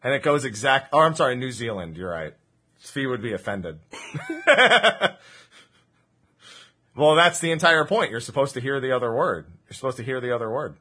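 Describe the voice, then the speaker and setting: A man's voice: medium pitch, animated, normal speed, pauses often, sharp tone. A man from New Jersey chatting casually on a livestream, explaining slang and laughing often. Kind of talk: casual stream chat.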